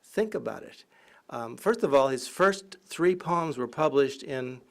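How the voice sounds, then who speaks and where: A male professor gives a public talk in the manner of a storyteller. He is lively and irreverent, with frequent laughter and asides. His voice sits at an average pitch for a man. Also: measured pace, gravelly. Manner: anecdotal, often laughing. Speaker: college professor. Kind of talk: humorous public lecture.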